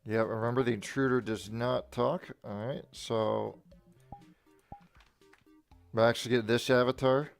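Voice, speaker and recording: A man's voice: medium pitch, fairly even intonation, takes it slowly, gravelly, pauses often, smooth, faint music behind. A man directing an improv scene in a game, hesitant with many fillers. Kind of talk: casual game narration.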